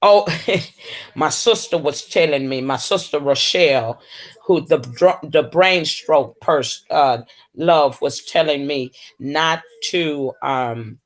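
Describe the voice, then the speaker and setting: A woman hosting a casual livestream, drawling and calling viewers baby and honey. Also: deep voice. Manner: slow, drawling, full of terms of endearment. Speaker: livestream host.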